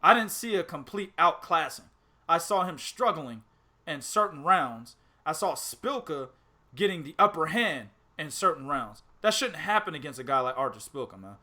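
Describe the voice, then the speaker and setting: A man hosting a boxing podcast, chatting casually, animated and profane, laughing often. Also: fairly high pitch, normal speed. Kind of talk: casual chat.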